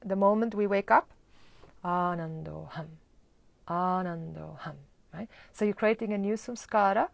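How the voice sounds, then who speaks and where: A woman's voice: mid-range voice, flat delivery, a little fast, vocal fry, few pauses, no echo. A woman teaching a live-streamed mantra lesson, explaining and chanting with laughter. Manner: acts out groggy morning complaints. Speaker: spiritual teacher.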